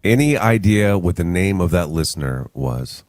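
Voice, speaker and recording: A man's voice: deep voice, expressive, normal speed, a little mellow, no room sound, clean studio sound. A man hosting a morning radio show, joking with his co-host and running a call-in quiz. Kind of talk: casual radio banter.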